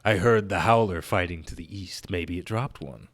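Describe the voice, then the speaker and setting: A man's voice: low-pitched, normal speed. A man voicing a small, boastful male cat-like creature from a video game who brags about his courage. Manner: boastful, self-important.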